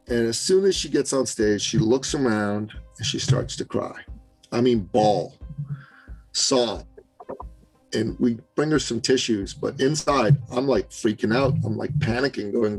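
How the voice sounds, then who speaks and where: Gravelly-voiced man telling an emphatic story. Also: medium pitch, normal speed, faint music behind, low-quality recording. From Canada. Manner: animated, emphatic storyteller who acts out quotes. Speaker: podcast guest, business coach. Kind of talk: storytelling in an interview.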